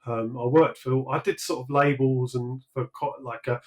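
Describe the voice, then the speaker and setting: A man's voice: mid-range voice, steady tone, normal speed, low-quality recording. A British man, likely in his thirties, talking through his career in a casual interview, rambling with many fillers and restarts. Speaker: sculptor guest.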